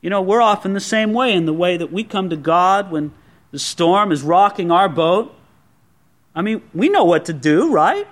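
A pastor preaching a sermon in a conversational way, acting out the quoted speech of others. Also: male voice, high voice, animated, normal speed.

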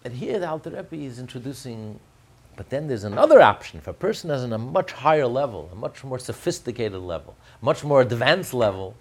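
A man's voice: medium pitch, big pitch swings, a little fast, a little mellow, breathy edge. A man explaining a religious text in a class, emphatic, often repeating and restarting his phrases. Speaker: religious teacher.

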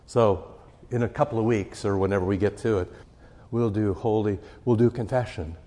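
A man's voice: lowish voice, fairly even intonation, moderate pace, mellow, long reverb tail. A man teaching a catechism class as pastor, talking conversationally and often checking in with his listeners. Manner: conversational, often asks "right?".

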